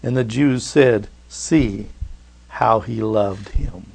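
A man preaching a sermon to his church, swinging from loud urging to hushed, tender lines. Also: on the low side, slow pace, gravelly, slightly rough. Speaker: pastor.

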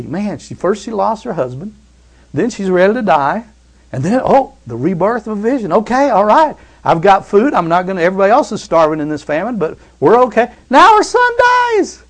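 A man preaching with a gravelly, somewhat high voice. He tells stories from the pulpit, often calls out amen, and swings from loud fervor down to near hushes. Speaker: pastor. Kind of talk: sermon.

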